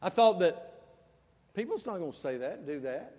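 A male pastor preaching a storytelling sermon, swinging between loud and soft. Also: high voice, sing-song, moderate pace. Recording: long church reverb.

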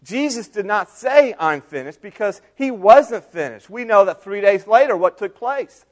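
A middle-aged male pastor preaching a sermon, moving between soft asides and raised, emphatic lines. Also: high voice, animated, moderate pace.

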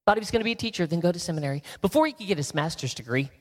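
A man from Texas, a guest speaker and ventriloquist, telling an inspirational story and swinging from lively talk to soft emotional whispers. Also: high-pitched, racing, in a large hall.

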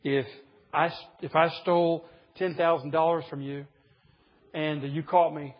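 A man's voice: on the high side, little pitch movement, unhurried. A man preaching a sermon to a group of men, earnest, pressing his points with rising emphasis. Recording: dull lo-fi recording in a reverberant hall.

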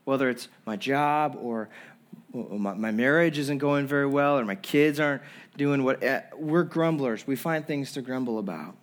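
A man's voice: mid-range voice, moderate pace. A young man preaching a sermon as pastor, earnest, with frequent restarts and acting out people's complaints. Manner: earnest preaching with repeated restarts and acted-out quotes.

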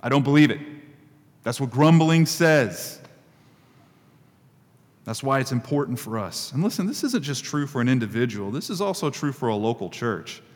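A man's voice: mid-range voice, lively intonation, normal speed, in a large hall. A male pastor giving a conversational sermon, repeating key phrases for emphasis.

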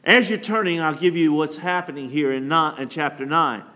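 A man's voice: on the high side, normal speed, bright, forceful tone. A man pastor preaching a sermon, reading scripture and asking the congregation to call out words.

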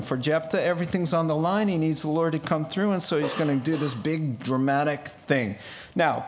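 Taking his time through every point, a male preacher gives an unhurried expository sermon in a voice that sits a little high. He's animated, slipping into the voices of the people in the story and breaking off for quick asides and laughter.

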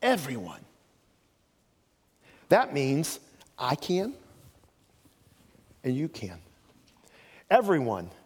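A man's voice: medium pitch, wildly swooping pitch, extremely slow, pauses often, breathy edge, in a large hall. An older man preaching a sermon as pastor, telling folksy stories with joking asides.

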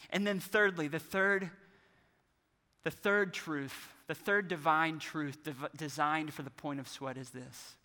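A pastor in his thirties delivers a sermon with a bright, forceful edge and a slightly high voice. He tells stories earnestly and acts out the voices he quotes. His words ring out with a long reverb, as in a church sanctuary. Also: steady tone, a little slow.

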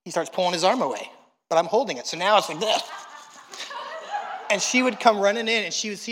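Bright, high-voiced preacher in a reverberant hall. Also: male voice, fast, a little hiss or hum. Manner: animated storytelling, acts out quotes. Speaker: pastor. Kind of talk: sermon.

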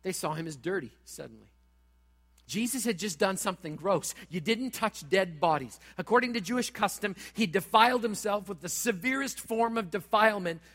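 A pastor preaching a sermon in a church, talking straight at the congregation in a dramatic way. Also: male voice, high-pitched, a bit bright, long reverb tail. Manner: dramatic, direct, acts out quoted voices.

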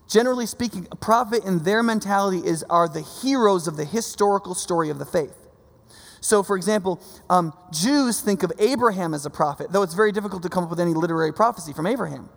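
A man preaching a casual teaching sermon, telling stories with lively asides and questions to the audience. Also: high-pitched, creaky. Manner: informal, storytelling, asks the audience questions, frequent "right?". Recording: long hall reverb.

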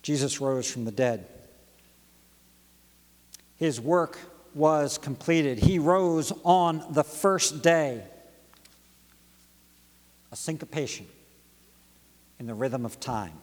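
A pastor delivering a sermon with rhythmic, dynamic preaching that swings from near-whisper drops to rising emphatic peaks. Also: male voice, a little high, animated, slow, long pauses, a little mellow, big-room sound. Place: church sanctuary.

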